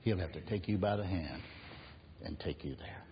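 A man preaching a sermon and telling stories, unhurried, letting his phrases drop to a hushed close. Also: sits low. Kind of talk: sermon with storytelling. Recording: echoey hall, dull lo-fi sound, faint hiss.

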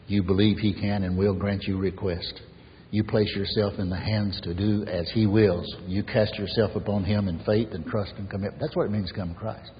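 A male pastor preaching a sermon with emphatic repetition, swinging from loud declarations to hushed lines. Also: fairly low pitch, in a large hall, dull audio. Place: church sanctuary.

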